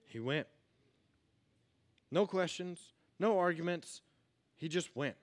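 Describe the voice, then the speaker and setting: A man giving a casual youth sermon, energetic and full of rhetorical questions, swinging between loud and hushed. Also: on the high side, takes it slowly. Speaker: youth pastor.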